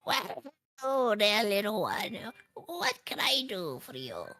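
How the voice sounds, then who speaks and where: A game master voicing a frail, senile old woman in her eighties who talks in a slow, quavering, sweetly condescending way. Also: medium pitch, wildly swooping pitch, pushed and bright, voice pushed up, full character voice. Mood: doddering. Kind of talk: tabletop role-play voice.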